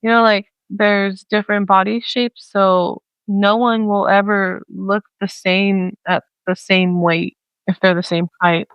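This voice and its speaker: A woman's voice: medium pitch, flat delivery, a little slow, clean tone, no echo, dull audio. A young woman co-hosting a podcast in a casual chat, chatty with lots of fillers. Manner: chatty, many fillers, acts out quoted voices. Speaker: podcast co-host.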